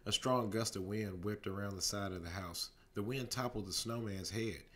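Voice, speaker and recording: A man reading a storybook aloud as a bedtime story, steady narration broken by lively voices for the characters. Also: lowish voice, normal speed.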